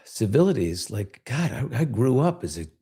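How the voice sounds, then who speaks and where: A man's voice: mid-range voice, big pitch swings, moderate pace, dark tone, breathy edge. An older man, hosting a podcast in loose, conversational commentary, reading comments aloud and often trailing off and restarting. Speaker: podcast host. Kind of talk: casual commentary. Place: studio.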